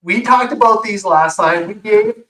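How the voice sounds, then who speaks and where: In a workshop room, a man co-hosts a laid-back show-and-tell, his high-sitting, slightly bright voice moving at a measured pace. He demonstrates things with enthusiasm, filling his talk with plenty of fillers. The recording sounds roomy and echoey, as if he's far from the mic.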